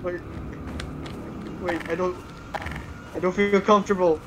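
A man's voice: high-pitched, little pitch movement, a little slow, fairly bright tone, rough recording. A man playing a game with a friend, joking dryly with a slightly nervous edge. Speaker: co-player. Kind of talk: casual gameplay banter.

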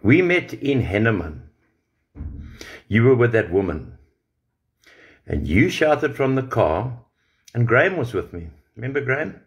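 A man in the middle of a livestream rant, jabbing at a rival and swearing freely. His voice sits at an ordinary middle pitch for a man, and he keeps it confrontational throughout. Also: sing-song, a little slow, pauses often. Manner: confrontational and profane, addressing a rival directly.

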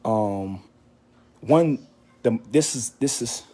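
Earnest man preaching, winded and mellow. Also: medium pitch, expressive, takes it slowly, slightly rough. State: out of breath after walking. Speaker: faith channel host. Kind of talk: informal faith exhortation.

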